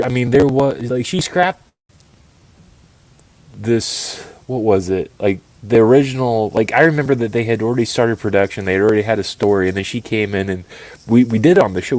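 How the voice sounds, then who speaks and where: A man's voice: fairly low pitch, a little mellow, dry recording, low-quality recording. A man co-hosting a casual podcast chat, rambling with many restarts and fillers. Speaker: podcast co-host.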